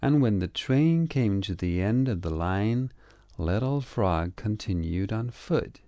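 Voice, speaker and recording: A man reading a children's story aloud in slow, measured storybook narration. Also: on the low side, dark tone, no room sound, clean studio sound.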